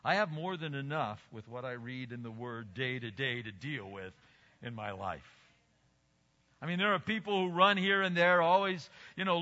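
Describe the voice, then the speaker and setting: An older man preaching a sermon as pastor, emphatic, swinging between loud exclamations and quiet asides. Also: a little high. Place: church sanctuary. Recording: dull recording with long hall reverb.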